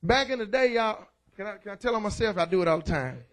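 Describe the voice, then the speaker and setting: Male pastor, middle-aged, high-pitched, loud, excited, energetic sermon, church. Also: fast. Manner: loud and excited, calling out to the congregation.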